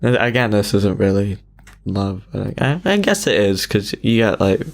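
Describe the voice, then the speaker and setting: A man's voice: lowish voice, sing-song, measured pace, gravelly. A man co-hosting a podcast, talking hesitantly with dry, self-deprecating jokes. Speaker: podcast co-host. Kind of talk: casual podcast chat.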